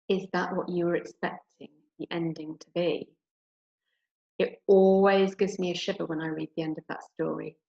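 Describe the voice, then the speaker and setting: English woman, primary teacher, expressive storyteller, echoey lo-fi home recording. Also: on the low side, creaky. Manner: expressive storytelling, gentle and encouraging. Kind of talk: reading a story aloud then teaching. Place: home room. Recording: roomy, dull home recording.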